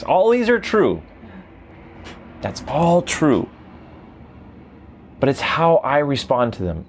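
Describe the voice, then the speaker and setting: A man who teaches tantra, telling his story in a reflective, animated interview. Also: on the low side. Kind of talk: conversational interview.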